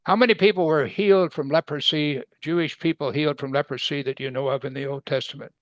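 Man teaching scripture, slightly high voice. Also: fast, no room sound. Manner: conversational teaching with rhetorical questions; acts out quoted speakers with sudden loud excited bursts. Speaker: Bible teacher. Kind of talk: sermon.

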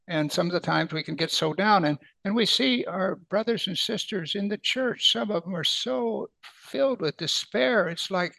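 A man preaching a Bible sermon, emphatic, lifting his voice on key words and then dropping it soft. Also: a little high, creaky, no room sound. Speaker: pastor.

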